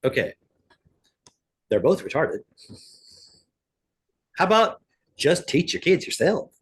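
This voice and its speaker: A man talks on a podcast in a somewhat high voice. He rants in a casual, sarcastic way and swears freely. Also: big pitch swings, slow, breathy edge. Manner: profane, ranting, sarcastic. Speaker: podcast co-host. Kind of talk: casual chat.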